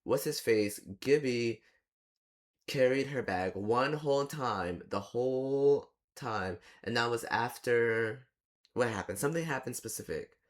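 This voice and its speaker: A man's voice: medium pitch, measured pace. A man giving casual reaction commentary on a film, ranting in an exasperated, chatty way with plenty of rhetorical questions and fillers. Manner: loose and chatty with many fillers. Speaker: movie reviewer.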